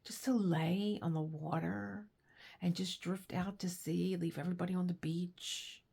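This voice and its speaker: A woman's voice: fairly low pitch, steady tone, unhurried, vocal fry, warm tone, slightly rough. A woman vlogger in casual chat, rambling and laughing as she reads aloud and tells stories. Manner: rambling, chatty, laughs often. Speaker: crafting vlogger.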